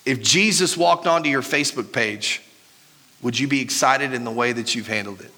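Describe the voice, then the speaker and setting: A man in his thirties preaching a sermon as pastor, animated and joking, laughing at his own stories. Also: medium pitch, normal speed. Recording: reverberant hall with faint music.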